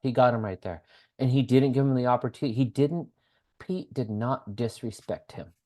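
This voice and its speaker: A man's voice: mid-range voice, normal speed. A man co-hosting a podcast, chatting casually in a loose, storytelling way with plenty of "like". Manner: animated, loose storytelling with lots of "like". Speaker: podcast co-host. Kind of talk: casual TV recap chat.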